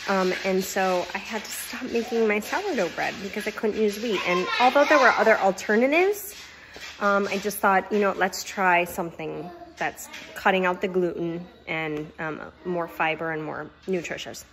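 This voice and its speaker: A woman chats her way through a kitchen vlog, gushing over her food. Her talk is loose and excitable, with plenty of fillers and restarts. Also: mid-range voice, normal speed, background noise. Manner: chatty and gushing, with many fillers. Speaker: home cooking vlogger.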